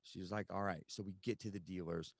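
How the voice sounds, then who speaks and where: A man's voice: low-pitched, fairly even intonation, fast, gravelly, no echo. A man telling his recovery story as a podcast guest, candid and conversational with frequent fillers.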